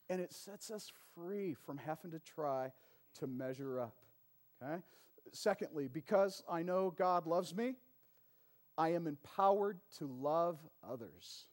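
Conversational man preaching a sermon. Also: a little high. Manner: conversational preaching with frequent call-and-response "amen" and "right". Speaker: pastor.

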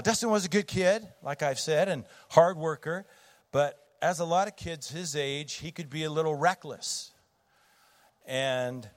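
Middle-aged guy preaching, chatty storytelling, lots of ums and restarts. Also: mid-range voice. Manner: conversational storytelling with fillers and restarts. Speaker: pastor. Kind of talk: sermon.

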